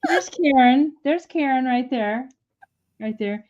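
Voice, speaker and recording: A woman hosts a live sale in a chatty, rambling way and laughs easily as she talks. Her voice sits a little high. The audio is somewhat dull and lo-fi. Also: lively intonation, slow, darkish tone. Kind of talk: casual live-stream selling.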